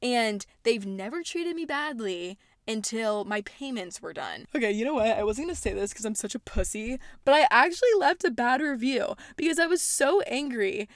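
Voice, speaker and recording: An eighteen-year-old woman hosting a podcast from home, telling stories in a bubbly, animated way and swearing constantly. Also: on the high side, moderate pace, hardly any pauses, dry recording, studio quality. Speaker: podcast host. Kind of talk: casual podcast storytelling rant. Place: at home, indoors.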